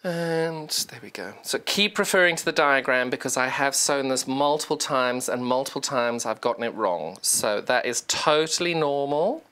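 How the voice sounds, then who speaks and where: A presenter walks viewers through a sewing demonstration on live television. The delivery is chatty and self-deprecating, explaining each step while the hands keep working, even coaxing the sewing machine along. The voice sits at a middle pitch. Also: normal speed, hardly any pauses, smooth. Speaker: shopping channel sewing presenter.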